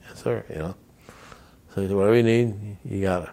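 Older male veteran, low and gravelly, anecdotal oral-history storyteller. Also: fairly quick, warm tone. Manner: rambling anecdotes acting out quoted voices. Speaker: veteran interviewee.

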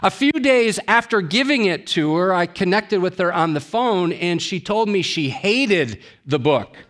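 Male pastor, higher register, deliberate unhurried sermon delivery with dramatic pauses. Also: lively intonation. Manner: emphatic, with dramatic pauses and drops to a low hush.

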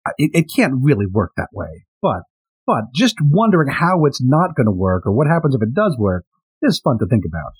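Husky man musing on a podcast. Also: medium pitch, very animated, a little fast. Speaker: podcast co-host. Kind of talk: casual podcast discussion.

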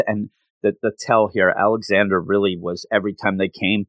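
A man's voice: lowish voice, level tone, fairly quick, a bit bright, no room sound. A man in casual chat, animatedly retelling a story and jumping his voice up when quoting characters.

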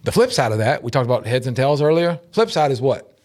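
A middle-aged man co-hosting a casual talk show, animated and laughing often as he acts out quotes in shifting voices. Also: mid-range voice, fast. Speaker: podcast co-host. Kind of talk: casual chat.

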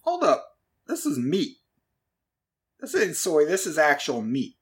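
Twitchy drifter type, stammering slang, lively rising and falling voice, put on by a man. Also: on the high side, brisk, husky, full character voice. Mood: amazed. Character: jittery scruffy male street drifter. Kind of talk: tabletop role-play.

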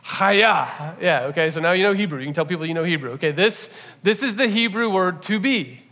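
Lively, higher-voiced man preaching a sermon. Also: fast talker. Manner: conversational, animated teaching with playful asides. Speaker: pastor. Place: church service.

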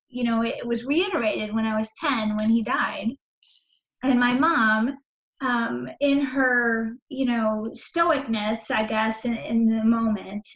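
A woman's voice: on the high side, echoey room, dull audio. A woman being interviewed, telling a personal story in a candid, meandering way, full of fillers and restarts. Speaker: interview guest.

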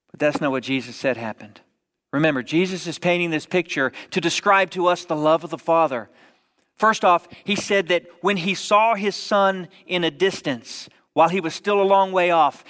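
A man preaching a sermon as vivid storytelling, dropping at times to hushed whispers. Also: sits high, moderate pace. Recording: long reverb of a large hall.

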